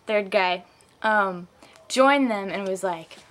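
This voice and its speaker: A woman's voice: mid-range voice, slow, a bit bright. A young woman vlogging in a casual, rambling way, tipsy and giggly, with lots of fillers, recorded on a handheld camera mic. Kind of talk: casual rambling vlog rant.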